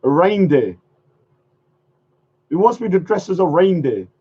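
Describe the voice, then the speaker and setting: Man, livestream host, casual rambling chat, high voice, muffled lo-fi audio. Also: big pitch swings, unhurried, dark tone, husky. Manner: rambling, repeats phrases, chuckles often.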